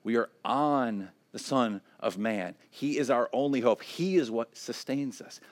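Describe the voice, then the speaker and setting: A pastor delivering a sermon in a relaxed, conversational manner, often checking in with the listeners and building to emphatic repeated declarations. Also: male voice, medium pitch, measured pace.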